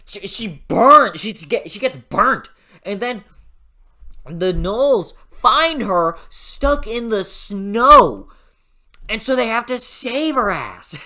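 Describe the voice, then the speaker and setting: A book reviewer in a casual video review who gushes excitably, laughs often and swears freely. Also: mid-range voice.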